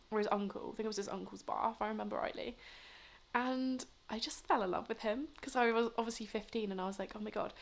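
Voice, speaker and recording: Creaky-voiced young woman vlogging. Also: medium pitch, fairly bright tone. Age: 20s. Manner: rambling, lots of fillers. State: drunk and tired late at night. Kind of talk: casual chatty storytelling.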